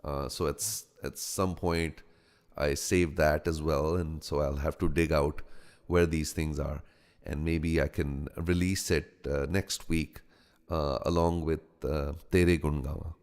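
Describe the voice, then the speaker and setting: Man with an American-Indian accent, deep smooth voice, halting live-stream host, long reverb. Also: fairly even intonation. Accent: American-Indian mix. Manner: halting, frequent ums and restarts, greets each viewer warmly by name. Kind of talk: live-stream greetings to viewers. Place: home studio.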